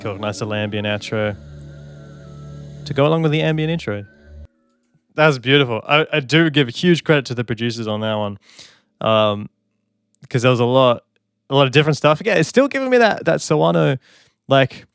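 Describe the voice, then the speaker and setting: A man's voice: medium pitch, animated, a little fast, gravelly, pauses often, smooth, no echo, soft background music. A man, a songwriter, giving casual, enthusiastic commentary on an album and scatting melodies as he talks. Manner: enthusiastic, chatty, hums and scats melodies. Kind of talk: casual music reaction commentary.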